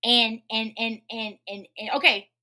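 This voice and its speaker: A woman hosting a podcast, talking in a profane, emphatic, animated rant. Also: on the high side, slow. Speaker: podcast host. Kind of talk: casual ranting monologue.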